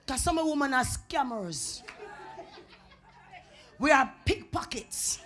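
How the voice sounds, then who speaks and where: Jamaican woman preacher, whispers to shouts. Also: sits high, animated, takes it slowly, soft background music, a faint crowd. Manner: swings from whispers to shouting, chanted tongues. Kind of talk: revival sermon. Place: church sanctuary.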